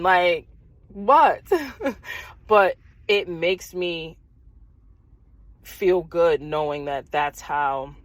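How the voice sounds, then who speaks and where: Lively conversational woman, low voice. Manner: conversational, animated, laughs easily. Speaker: podcast host. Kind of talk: casual solo podcast talk about faith.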